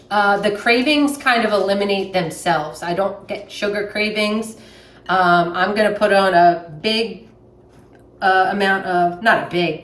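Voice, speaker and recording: A woman's voice: mid-range voice, fairly bright tone. A young woman with a Southern US accent, chatting plainly while she makes a sandwich in her kitchen. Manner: chatty, plainspoken, with many fillers. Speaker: vlogger. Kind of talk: casual chat while making a sandwich. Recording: echoey room, mic at a distance.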